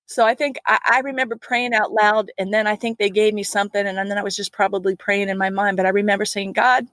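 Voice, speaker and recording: A woman's voice: mid-range voice, flat delivery, fast, a bit bright, no echo. A middle-aged woman, a flight nurse, earnestly recounting a personal ordeal in an interview, with laughs and restarts.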